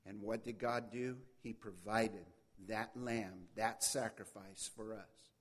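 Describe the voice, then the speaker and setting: A man preaching a sermon, reading scripture aloud with swelling emphasis and dropping to a soft, low voice between verses. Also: fairly even intonation, slow pace. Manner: swells loud on quoted verses, drops soft and low on asides.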